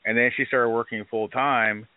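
A man's voice: medium pitch, moderate pace, no echo. Blunt, profane man on a phone-like line. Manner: blunt, profane, animated storytelling with acted quotes. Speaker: bar owner interviewed on a live show. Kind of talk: casual storytelling interview. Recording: dry, phone-like band-limited sound.

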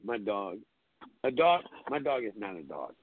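Lively man on a noisy phone line. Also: lowish voice, unhurried, breathy edge, no echo. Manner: animated, swears often, quotes friends in lively voices. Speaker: call-in show host. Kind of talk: casual storytelling chat. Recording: phone-line audio with hiss.

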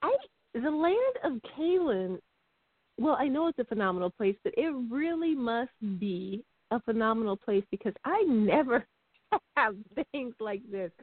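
A woman's voice: medium pitch, dry recording. A woman co-hosting a casual radio chat show, upbeat and teasing, laughing often. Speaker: podcast co-host. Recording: tinny phone line, dry.

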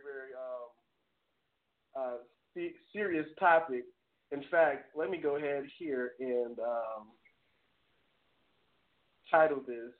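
A man hosting a live call-in talk show, speaking earnestly, stammering and laughing at himself. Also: a little high. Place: home studio. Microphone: webcam streamed live. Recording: tinny phone-like audio.

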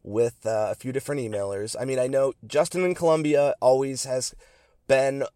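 A man co-hosting a radio show, asking questions haltingly with many fillers. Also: mid-range voice, fairly even intonation, dark tone, clear, resonant tone, dry recording. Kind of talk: casual interview.

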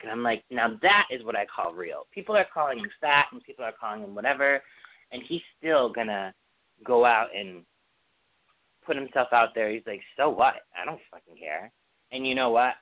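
A man's voice: medium pitch, no echo. A man co-hosting a podcast in casual chat, gushing and chatty with lots of fillers. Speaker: podcast co-host. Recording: dry, phone-like sound.

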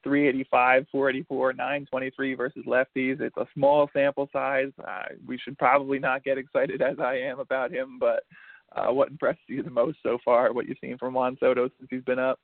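A man's voice: mid-range voice, completely flat delivery, brisk, no room sound. A man hosting a casual sports talk show, joking and poking fun at himself. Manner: joking, self-mocking. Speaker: podcast host. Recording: dry tinny phone-like line.

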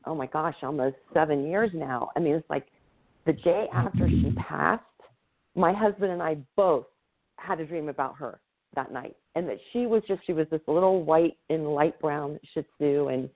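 A woman's voice: deep voice, moderate pace. A woman in her fifties in a casual chat, agreeing and reflecting. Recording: phone-like narrow audio.

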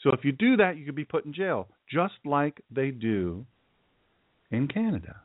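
A man who is a pastor hosting his own show, preaching forcefully and emphatically, often repeating himself for effect. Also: on the high side, sing-song, moderate pace, no room sound. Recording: dry, tinny phone-like sound.

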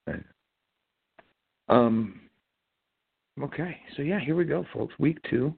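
A man's voice: mid-range voice, lively intonation, slow, vocal fry, breathy edge, no room sound. A man from Ohio hosting a casual internet radio show, rambling and hesitant with many fillers. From Ohio, USA. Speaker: host. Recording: dry tinny phone-line audio.

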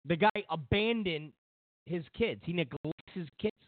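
A man's voice: fairly high pitch, measured pace, no echo. Man ranting on tinny lo-fi audio. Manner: meandering storytelling with many fillers and restarts. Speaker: host of political commentary show. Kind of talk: rambling opinionated monologue.

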